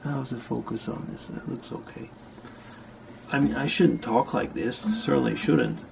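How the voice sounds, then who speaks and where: Gravelly older man chatting at home. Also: medium pitch, measured pace. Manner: rambling, chatty, with dry asides. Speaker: vlogger. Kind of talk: casual chat to camera. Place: upstairs room at home. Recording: faint scanner hum behind. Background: slide scanner noise.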